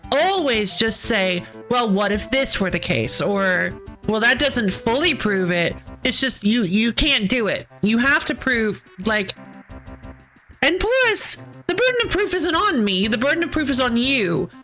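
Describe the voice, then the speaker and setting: A woman streaming a game and chatting casually, easily exasperated and quick to laugh. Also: fairly high pitch, pushed and bright. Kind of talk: casual chat.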